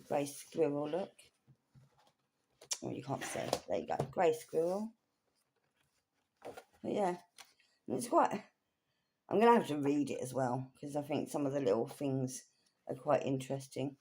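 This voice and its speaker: A woman's voice: deep voice, measured pace, pauses often, mellow. A woman chatting casually through a thrift haul in a rambling, self-correcting way. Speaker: craft vlogger.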